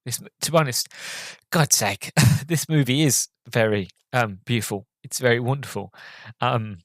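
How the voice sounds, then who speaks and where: A man on a podcast gives a movie review in a hesitant, halting manner, packed with fillers, his emotion audibly catching in his throat. The recording is dry, and his medium-pitched voice comes across a bit bright.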